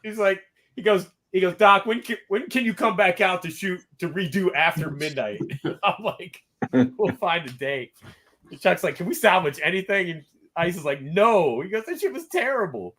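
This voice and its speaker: A man hosting a podcast, telling a story in a casual way and quoting people in lively voices. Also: sits high, normal speed. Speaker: podcast host.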